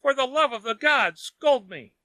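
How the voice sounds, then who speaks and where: A man's voice: high voice, expressive, normal speed, sharp tone, dry recording, pitched above the performer's own voice, full character voice. A man voicing a miserly, desperate old man who wails and pleads frantically. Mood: begging. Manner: frantic, begging.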